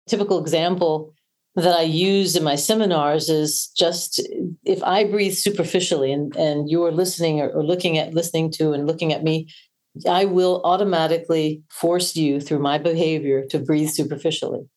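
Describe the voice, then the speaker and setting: A woman's voice: low-pitched, steady tone, moderate pace, a little mellow. A woman voice coach on a podcast, explaining and demonstrating how breathing shapes the voice. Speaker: voice coach guest. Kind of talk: podcast interview.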